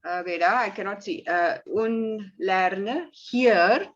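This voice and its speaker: A woman student reading German sentences aloud in an online lesson, haltingly and word by word. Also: medium pitch. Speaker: language student. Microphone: video call. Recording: muffled video-call audio.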